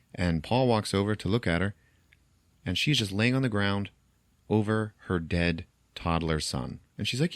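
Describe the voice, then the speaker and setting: A man's voice: on the low side, no room sound. A man hosting a podcast, casually retelling a movie's plot, acting out the characters' lines and laughing often. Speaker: podcast host. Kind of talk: casual film recap.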